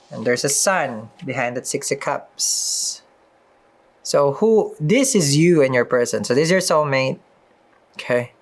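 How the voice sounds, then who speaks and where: A tarot reader and spiritual advisor gives a casual reading and advice in a medium-pitched voice. She's chatty, dropping frequent "mm-hmm" asides and bits of dry sarcasm.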